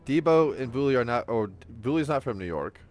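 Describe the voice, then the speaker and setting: A man's voice: medium pitch, lively intonation, a little fast, faint music behind. A young man hosting a casual gaming podcast, rambling with lots of "like" and swearing, acting out what others said. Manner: rambling, profane, fillers like "like", acts out quotes. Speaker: podcast host. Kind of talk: casual chat.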